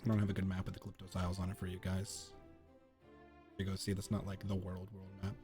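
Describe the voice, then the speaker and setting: A man running a tabletop role-playing game as game master, thinking aloud in a relaxed way as he plays. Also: low voice, fast talker, soft background music. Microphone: streaming microphone.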